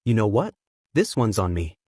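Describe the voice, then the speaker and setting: A man's voice: on the low side, very animated, normal speed, dark tone, dry recording, clean studio sound. A man voicing a nervous, exhausted young woman reporter who speaks shakily and hesitantly. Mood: embarrassed. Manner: shaky, hesitant.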